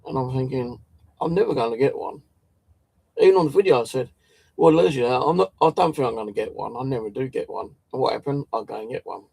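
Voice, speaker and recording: A man's voice: medium pitch, fast talker, creaky, darkish tone, breathy edge, no echo. A man telling a story in a casual, rambling way, swearing often and tripping over his words. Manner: swears a lot, restarts and stumbles. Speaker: channel host.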